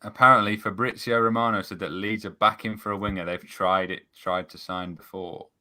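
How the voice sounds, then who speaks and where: A man co-hosting a live fan stream, sharing opinions with quick asides. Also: on the low side, fairly even intonation, sharp tone. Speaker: co-host. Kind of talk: casual live stream chat.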